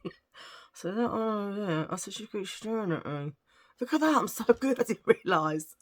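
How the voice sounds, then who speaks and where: A woman vlogger chats casually with her viewers, rambling animatedly through anecdotes, laughing a lot, and acting out quotes. Her voice is mid-range, and she talks slowly with frequent pauses.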